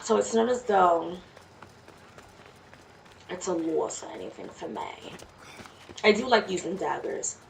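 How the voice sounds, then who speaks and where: A woman's voice: on the low side, lively intonation, measured pace, creaky, pauses often. A woman chatting casually to herself while playing a video game, muttering and reacting. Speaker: let's play gamer. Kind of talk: casual gameplay commentary. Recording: distant mic with faint noise.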